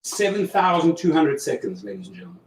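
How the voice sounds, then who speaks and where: Talking fast with big pitch swings in a slightly high voice, a man coaches listeners on a casual livestream, emphatic and repeating himself. German is his first language, he has a South African accent, and he's recorded far from the mic in an echoey room with faint noise.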